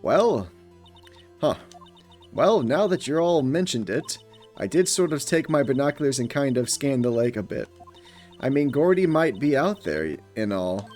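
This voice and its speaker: A man reading the lines of a chatty young female photographer witness, fairly low for the part. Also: big pitch swings, unhurried, darkish tone, faint music behind. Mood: rambling. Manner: chatty, rambling, folksy.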